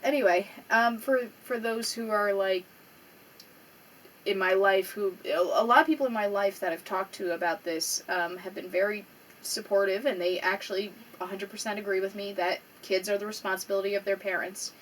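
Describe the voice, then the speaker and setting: A woman's voice: mid-range voice, fairly even intonation, normal speed. A young adult woman vlogging to her small audience, emotional and rambling, swearing often and fighting back tears. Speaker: small YouTuber. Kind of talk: casual vlog. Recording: slightly distant mic with faint background noise.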